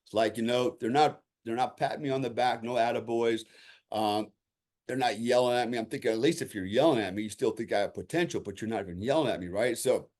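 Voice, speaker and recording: A man in the middle of his pitch range tells a story from his military past as a podcast guest. He talks in a loose, conversational way, slipping into the voices of the people in the story. He keeps checking in with "you know" and "right?" as he goes. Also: a little mellow. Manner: vivid storyteller who acts out quoted lines.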